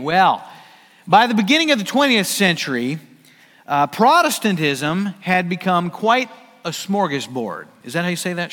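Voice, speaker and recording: A man's voice: a little high, big pitch swings, moderate pace, a bit bright, in a large hall. A man with an American accent preaching a sermon, talking in a casual, joking way with strong emphasis. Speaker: pastor. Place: church sanctuary.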